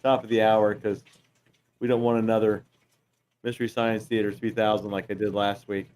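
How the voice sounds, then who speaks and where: A man's voice: lowish voice, little pitch movement, moderate pace, darkish tone. A man hosting a casual podcast, teasing his guest and reading out chat comments. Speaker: podcast host.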